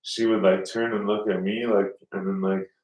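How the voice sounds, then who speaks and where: A man's voice: fairly low pitch, little pitch movement, moderate pace, darkish tone. A man telling a rambling story in casual podcast chat, swearing often and acting out the people he quotes. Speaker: podcast host. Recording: roomy, mic at a distance.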